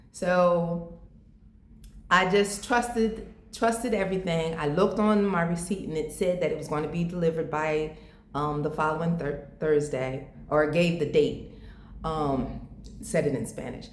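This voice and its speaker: A woman from the United States pours out a personal story straight to her viewers, heartfelt and near tears, then turns to encouraging them. Her voice sits a little low, and the room around her rings with echo. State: close to tears. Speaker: vlogger. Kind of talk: emotional personal vlog.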